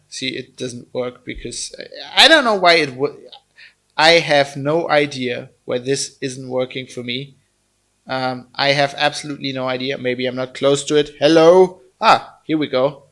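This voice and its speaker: German-accented male tech reviewer, mid pitch, raspy fry, loose and blunt. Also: pushed and bright. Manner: chatty and blunt, with many fillers and restarts. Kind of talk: casual product review.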